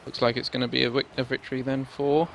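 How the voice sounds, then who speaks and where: A man with an Irish accent commentating a video game match from his desk in a measured, analytical way. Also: mid-range voice, level tone, creaky, noisy background. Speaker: esports commentator. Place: home desk.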